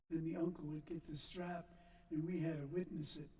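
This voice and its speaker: An older man slowly recounting a personal story to a church gathering, halting and reflective. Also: a little high, fairly even intonation, warm tone. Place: church sanctuary. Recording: echoey church from a distance.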